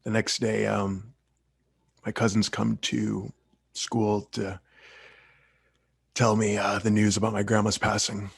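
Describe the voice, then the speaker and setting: Young male speaker, low gravelly voice, dry sound, heartfelt and earnest tribute speech. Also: flat delivery, takes it slowly, pauses often, dry recording. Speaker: Toastmasters speaker.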